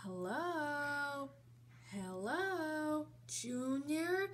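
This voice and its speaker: A woman with a high, bouncing voice who talks slowly and hesitantly, leaning on filler sounds. She voices toys in a home-made video. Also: slight background noise. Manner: hesitant, many fillers, animated.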